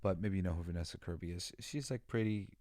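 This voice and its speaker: A man's voice: low voice, quick pace, warm tone, no echo, studio quality. A man hosting a podcast, talking casually in a rambling, opinionated monologue full of fillers, restarts and exasperated sighs. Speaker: podcast host.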